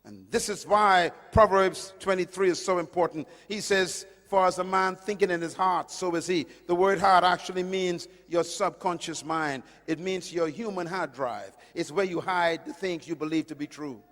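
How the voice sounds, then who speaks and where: A man from the Caribbean with a high-set voice preaches a sermon in a big hall, and the long reverb trails after each phrase. He hammers his points loudly, then drops to a hushed, low tone, recorded in a large auditorium. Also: fairly even intonation, normal speed, few pauses. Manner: emphatic, swinging from loud to hushed.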